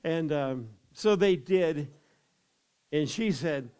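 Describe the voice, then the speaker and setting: A man's voice: on the high side, animated, slow pace, darkish tone, clean tone. An older man and chaplain telling personal faith stories in a folksy way, often acting out what other people said. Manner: folksy, acts out others' quoted words. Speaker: chaplain and evangelist. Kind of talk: personal testimony storytelling.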